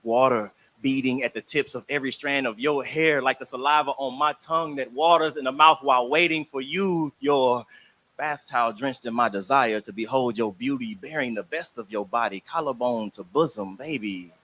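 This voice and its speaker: A man performing sensual spoken word poetry with a smooth, slow, sensual delivery. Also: mid-range voice, a bit bright. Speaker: performing poet.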